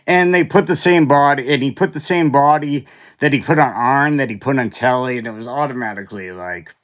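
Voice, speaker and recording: A man's voice: mid-range voice, brisk. A man hosting his own show, chatting casually and rambling with lots of fillers and asides. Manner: rambling and animated, with fillers and side remarks. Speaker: host. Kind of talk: casual chat about toy collecting.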